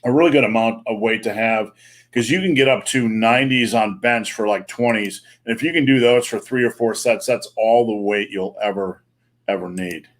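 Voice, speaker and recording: A man's voice: lowish voice, moderate pace. A man hosting a live online Q&A, chatting casually and joking, with plenty of fillers. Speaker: host. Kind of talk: live-stream Q&A chat.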